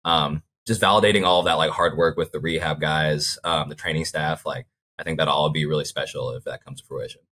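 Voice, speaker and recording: A man's voice: a bass voice, steady tone, brisk, few pauses, pushed and bright. A young man as an interview guest, talking in a laid-back way, full of fillers and "like". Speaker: guest athlete. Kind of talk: casual interview chat.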